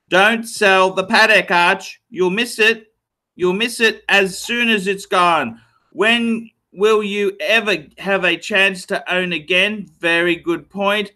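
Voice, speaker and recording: A man in his forties rambles through a casual livestream, repeating himself and cursing in jest. His voice sits high and bright, and he talks slowly, dwelling on each phrase. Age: 40s. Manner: reads out donor messages. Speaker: livestream host.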